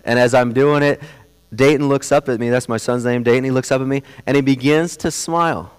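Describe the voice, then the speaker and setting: A young adult man preaching a sermon as pastor, earnest, and moving from quiet storytelling to animated emphasis. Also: medium pitch, brisk, smooth. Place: church sanctuary. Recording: long hall reverb.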